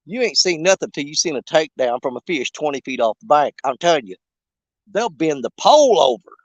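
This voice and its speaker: On a riverbank outdoors, a fishing vlogger jokes and rambles in a folksy way during a casual livestream chat. His voice sits on the high side with big pitch swings and a fairly quick pace. The recording is muffled, with no echo.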